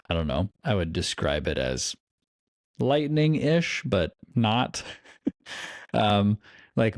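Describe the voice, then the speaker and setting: A man runs a tabletop game, chatting and narrating in loose, rambling sentences full of fillers. His voice is on the low side, and the recording is dry and close. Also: dry recording. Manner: rambling, filler-heavy, animated. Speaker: game master. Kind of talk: casual chat and game narration.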